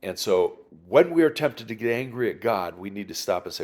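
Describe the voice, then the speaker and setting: A man, a pastor, teaching through a Bible passage in a conversational way, pausing and restarting and putting questions to his listeners. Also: lowish voice, expressive, darkish tone.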